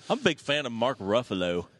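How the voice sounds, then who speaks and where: A man's voice: medium pitch, sing-song, normal speed, a bit bright, no room sound. Blunt, profane man in casual chat. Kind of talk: casual banter among friends.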